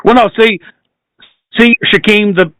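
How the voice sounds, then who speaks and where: A man's voice: high voice, steady tone, a little slow, a bit bright, no echo, low-quality recording. An American man hosting a podcast, joking and crude in casual banter, acting out silly scenes. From United States. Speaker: podcast host.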